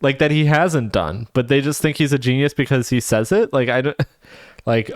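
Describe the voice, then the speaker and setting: A man's voice: medium pitch, moderate pace, no room sound, studio quality. A man streaming live, reacting with profane, laughing, rambling commentary.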